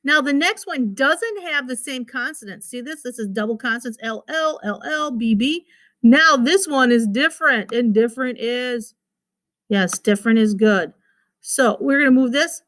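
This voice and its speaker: A woman's voice: on the high side, normal speed, fairly bright tone. A woman teacher giving a recorded phonics lesson to children, patiently repeating words and sounding out their syllables.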